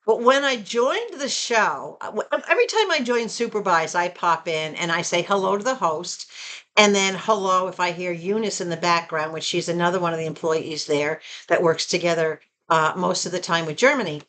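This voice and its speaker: A woman with a Southern American accent chatting casually and expressively to her viewers from home. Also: normal speed. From Southern United States. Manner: chatty and expressive, rising to animated pitch when excited. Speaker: vlogger. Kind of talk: casual chat.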